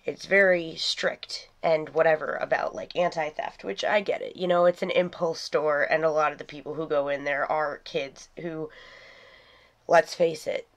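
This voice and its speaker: A woman's voice: deep voice, steady tone, normal speed. A woman host telling a casual storytime, sick with a cold, her voice nasal and congested, chatty and rambling. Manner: chatty, rambling, self-deprecating.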